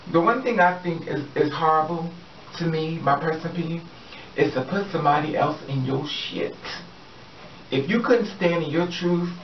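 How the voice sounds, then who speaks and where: A sassy, animated man rants about someone straight to camera, his voice a little high. He sounds set back from a muffled mic in a roomy space, with faint ambient noise behind him. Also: recorded from a distance. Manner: sassy, animated, addresses the subject directly. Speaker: vlogger. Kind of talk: casual opinion rant to camera.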